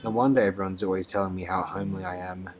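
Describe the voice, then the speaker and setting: A man's voice: sits low, fairly even intonation, fast talker, faint music behind, close to an everyday voice. A man voicing the anxious inner thoughts of a frightened girl, in a near-plain reading voice. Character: frightened girl, heroine thinking to herself.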